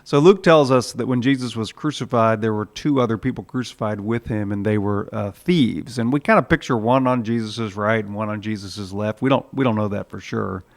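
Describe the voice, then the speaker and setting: A man's voice: fairly low pitch, a little fast, hardly any pauses. Conversational male pastor preaching. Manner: conversational preaching with filler "uh"s, acting out quoted voices. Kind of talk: sermon.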